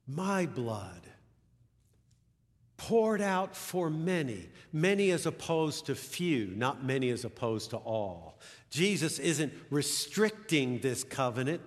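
Slow-paced preacher man in a reverberant hall. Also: lively intonation. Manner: dramatic retelling, rising loud for quoted lines, dropping low and soft for reflection. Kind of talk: sermon.

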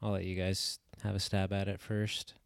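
A man's voice: sits low, monotone, moderate pace, vocal fry, smooth, no room sound, studio quality. A man giving his take in a casual movie review chat, hesitant and full of ums and likes. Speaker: podcast co-host.

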